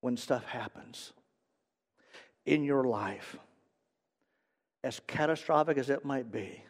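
A man preaching a sermon, swinging between loud emphasis and quiet, earnest stretches and often repeating words. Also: medium pitch, slow pace, long pauses, long reverb tail. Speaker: pastor.

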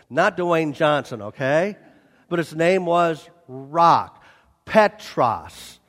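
High-pitched male preacher, animated sermon, long hall reverb. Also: extremely slow. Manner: animated, acts out scenes, repeats for emphasis. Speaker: pastor.

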